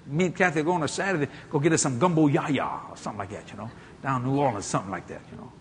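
A male preacher telling stories in a folksy, animated way, building to exclamations before a congregation. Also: medium pitch, very fast, slight background noise. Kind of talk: storytelling sermon. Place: church hall or auditorium. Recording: echoey hall with a congregation.

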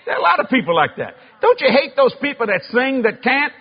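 A man preaching a sermon, telling funny stories with loud, animated bursts of shouting. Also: extremely high pitch, a little fast, muffled recording, background noise. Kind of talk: sermon with comic storytelling.

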